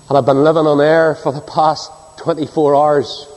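A man preaching a sermon and reading scripture, swinging between soaring high cries and low hushed drops. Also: level tone, moderate pace. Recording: long hall reverb.

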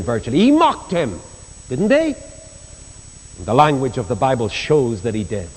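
A man's voice: big pitch swings, moderate pace, long pauses, a little mellow, breathy edge. An older man with a Northern Irish accent preaching a sermon, telling Bible stories and acting out the voices in them. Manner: storytelling, acts out quoted voices, rises in pitch for emphasis. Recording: long reverb of a hall.

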